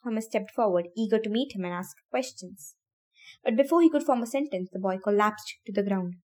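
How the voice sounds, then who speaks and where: A woman's voice: medium pitch, animated, brisk, a little mellow. A woman podcast host reading a novel aloud, stopping now and then to laugh and talk to her listeners about the story. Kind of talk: casual read-aloud with chatty asides.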